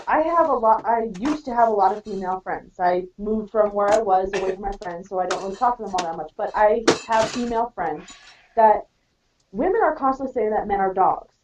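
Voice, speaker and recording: A woman's voice: mid-range voice, brisk, recorded from a distance, noisy background. A woman on a round table panel, talking bluntly and at length in casual chat. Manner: blunt, outspoken, rambling. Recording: dull lo-fi audio from off-mic.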